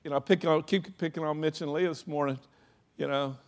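A man with a fairly high voice preaching to his church in a loose, chatty way. He leans on "you know", acts out little stories with laughter, and keeps the sermon informal. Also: fairly even intonation, brisk. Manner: acts out anecdotes with laughing asides. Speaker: pastor.

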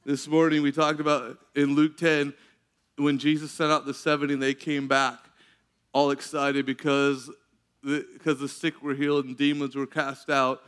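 High-voiced animated male preacher. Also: normal speed, clean tone. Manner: animated, laughs often, acts out quotes. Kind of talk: sermon storytelling.

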